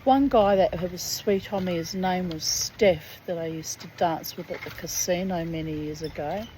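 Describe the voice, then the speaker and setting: A woman's voice: on the low side, normal speed, warm tone, a little hiss or hum, rough recording. A middle-aged woman, talking bluntly and indignantly in a rambling personal monologue, swearing freely. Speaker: reader and storyteller.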